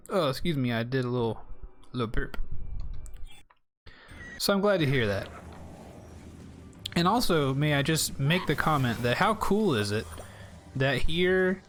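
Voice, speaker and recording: A man's voice: mid-range voice, lively intonation, unhurried, long pauses, fairly bright tone, faint music behind. A young man from South Carolina, chatting in a rambling way to his viewers while playing a game on a live stream. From South Carolina, United States.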